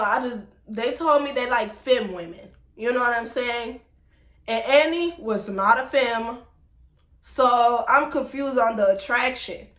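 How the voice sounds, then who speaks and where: Woman, storytime vlog, emphatic, fairly high voice, echoey room. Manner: animated, emphatic, talks straight to viewers as y'all. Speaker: vlogger telling a personal story. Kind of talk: casual storytime to camera.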